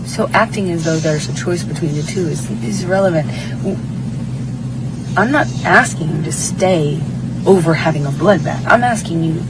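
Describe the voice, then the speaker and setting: A woman's voice: lowish voice, moderate pace, distant mic, very noisy. A woman in a tense private argument, speaking in a pleading, insistent way with many fillers.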